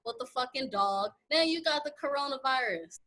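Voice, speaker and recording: A young adult woman co-hosting a radio talk show, telling an animated story with plenty of cursing. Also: high-pitched, moderate pace, poor audio. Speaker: radio co-host. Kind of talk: casual radio banter.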